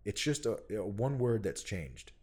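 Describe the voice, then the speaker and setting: A man, a parent, telling a personal story in casual conversation, earnest and animated, getting loud when he quotes himself. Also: lowish voice, measured pace, slightly rough. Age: adult parent. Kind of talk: casual chat.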